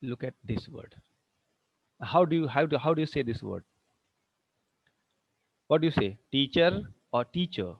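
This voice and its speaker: A man's voice: mid-range voice, lively intonation, normal speed, creaky, long pauses, slightly rough, dry recording, lo-fi sound. A man with an Indian English accent teaching an English class online. He asks many questions, repeats himself, and mixes in Hindi phrases.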